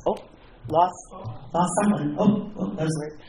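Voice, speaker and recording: A woman's voice: low-pitched, normal speed, warm tone, heavy reverb, distant mic, poor audio. A woman sharing her personal recovery story in a candid, self-deprecating way, with many fillers and restarts. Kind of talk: personal testimony.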